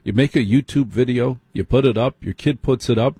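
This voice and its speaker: A man's voice: mid-range voice, fairly quick, mellow, husky, no echo. A middle-aged man hosting a late-night radio talk show, speaking conversationally and putting direct questions to his listeners.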